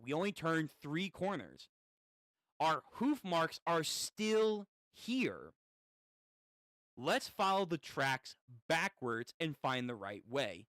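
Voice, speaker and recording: Man, comic read-through, casual and profane, unhurried, dry close sound. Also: on the high side, fairly bright tone, dry recording. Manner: casual, swears often, reacts aloud while reading.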